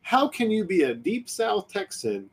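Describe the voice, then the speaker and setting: A man's voice: high-pitched, big pitch swings, measured pace, noisy background. A man hosting a podcast in casual chat, speaking in an opinionated, ranting way. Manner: opinionated, ranting about nerd movies and shows. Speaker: podcast host.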